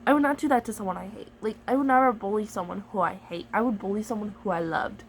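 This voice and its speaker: A woman's voice: medium pitch, quick pace, slight background noise, poor audio. A woman vlogger in casual chat to camera, chatty, jokey and playfully dramatic as she reviews a storybook device.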